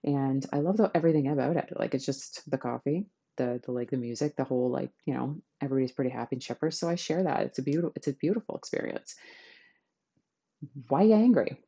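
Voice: medium pitch, fast talker, creaky, hardly any pauses, warm tone, slightly rough, lo-fi sound. A podcast host giving a chatty, enthusiastic self-help talk to listeners.

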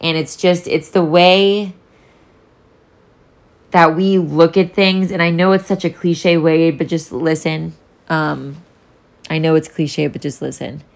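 A woman's voice: lowish voice, fairly even intonation, slow pace, long pauses. A young woman talking candidly in a solo vlog, rambling and swearing freely as she reflects. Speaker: vlogger. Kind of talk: casual solo vlog talk.

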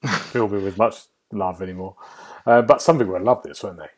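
Husky low-voiced man, musing. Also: brisk. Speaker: podcast host and game reviewer. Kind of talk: casual podcast chat.

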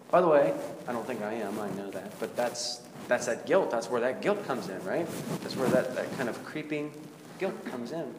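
A man's voice: mid-range voice, animated, normal speed. A male pastor giving a conversational, confessional sermon and putting rhetorical questions to his congregation. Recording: echoey hall with background noise.

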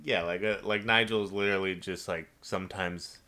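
A man's voice: low-pitched, fairly even intonation, moderate pace, pushed and bright. A man hosting a podcast in casual chat, talking loosely with many fillers and steering the show between segments. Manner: chatty, filler-heavy, hands segments to co-host. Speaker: podcast host.

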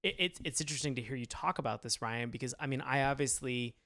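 A man's voice: medium pitch, quick pace, sharp tone, no room sound. A man hosting a podcast, earnestly steering the conversation between co-hosts. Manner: earnest, guiding the discussion. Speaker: podcast host. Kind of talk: casual chat.

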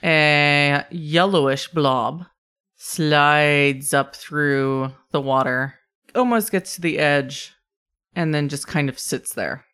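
A man's voice: fairly high pitch, takes it slowly, bright, forceful tone, clear, resonant tone. A man running a tabletop game as game master, speaking casually, laughing often and swearing now and then.

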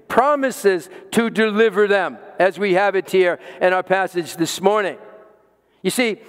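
A man preaching as a pastor, telling a story and repeating key lines for emphasis. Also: sits high. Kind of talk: sermon. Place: church sanctuary. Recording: reverberant church hall.

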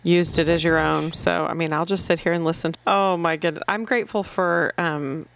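Middle-aged mom cohosting a podcast, rambly and laughy, lowish voice. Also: female voice, fairly even intonation, normal speed, creaky, clean tone. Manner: chatty, laughs easily, rambling restarts. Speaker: podcast co-host. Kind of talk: casual chat.

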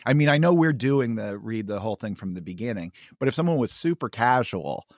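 A man's voice: medium pitch, lively intonation, a little fast, no room sound. Chatty man in a dry room. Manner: enthusiastic, laughs often. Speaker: podcast co-host. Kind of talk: casual chat about comics.

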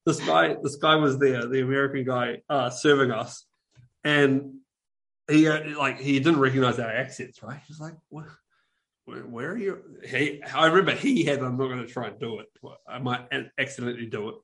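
A New Zealand man in casual podcast chat, his voice sitting at an ordinary middle pitch. He tells stories in a loose, rambling way, stacking fillers and restarting sentences as he goes. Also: normal speed, fairly bright tone. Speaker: podcast co-host.

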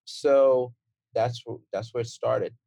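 Brooklyn-accented man in his forties, mid-pitched, laid-back interview guest, dry close sound. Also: slow pace, vocal fry, no echo. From Brooklyn, New York. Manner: relaxed storytelling with fillers and restarts. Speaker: transplant surgeon guest. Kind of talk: casual interview talk.

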